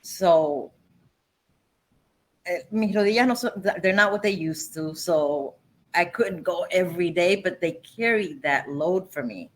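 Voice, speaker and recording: A woman's voice: on the low side, unhurried, rough recording. A Puerto Rican woman chatting animatedly as an interview guest, talking about her work as a town councilwoman and switching between English and Spanish. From Puerto Rico. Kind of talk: casual interview chat.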